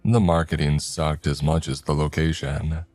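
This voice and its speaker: A man reading a horror story aloud in a steady first-person narration. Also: extremely low pitch, moderate pace, dry recording. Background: faint music.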